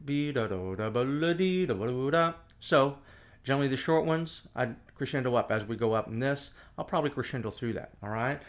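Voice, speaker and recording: A man's voice: medium pitch, a little fast. Male music teacher, casual explaining, scats lines, camera mic. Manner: scats melodies with nonsense syllables. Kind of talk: casual instructional talk. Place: indoor room, camera on tripod.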